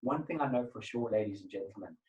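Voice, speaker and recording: A man presenting an etiquette webinar over a video call, emphatic and energetic. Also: fairly low pitch, quick pace, recorded from a distance, dull audio. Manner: emphatic, energetic, acts out phone calls. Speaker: etiquette trainer.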